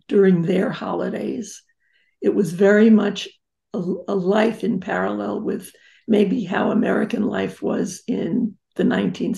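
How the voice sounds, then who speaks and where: A woman's voice: mid-range voice, gravelly, warm tone. An older woman, a psychotherapist guest in an interview, telling personal stories in a reflective and emphatic way. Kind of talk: interview storytelling.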